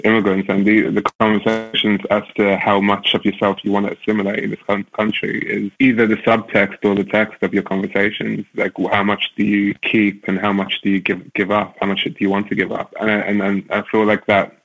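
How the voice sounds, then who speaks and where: A man's voice: lowish voice, completely flat delivery, brisk, few pauses, a bit bright, highs cut off. A man who directs films, from London, answering interview questions thoughtfully and often restarting his phrases. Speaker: film director.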